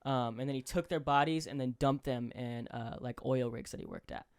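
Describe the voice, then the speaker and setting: A man's voice: mid-range voice, normal speed, clean tone. A young man co-hosting a podcast, retelling a true crime case in casual chat, swearing constantly and acting out the people he quotes, with lots of fillers. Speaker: podcast co-host.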